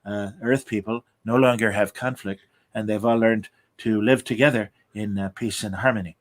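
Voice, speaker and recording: A man doing a hushed, solemn futurist. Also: fairly low pitch, steady tone, normal speed, pitched below the performer's own voice, close to an everyday voice. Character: calm idealistic male futurist narrator.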